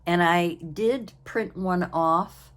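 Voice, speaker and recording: A woman's voice: lowish voice, slow. An older woman hosting a casual crafting vlog from home, tired and yawning, chatting in a rambling, apologetic way. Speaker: craft channel host.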